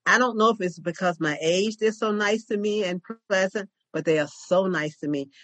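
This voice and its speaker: A woman co-hosting a podcast, telling a story in a chatty, animated way. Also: medium pitch, normal speed, no echo. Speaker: podcast co-host. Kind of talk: casual chat, storytelling.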